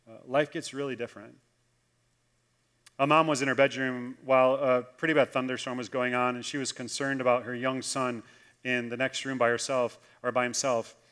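A man preaching a sermon as pastor, telling stories and slowing down to drop softly on the key lines. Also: mid-range voice. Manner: storytelling, slows for emphasis and drops soft on key lines.

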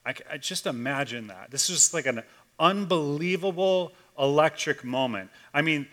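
Male pastor, bright and slightly high voice, casual storytelling sermon, swings loud to hushed. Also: animated, moderate pace. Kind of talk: conversational sermon.

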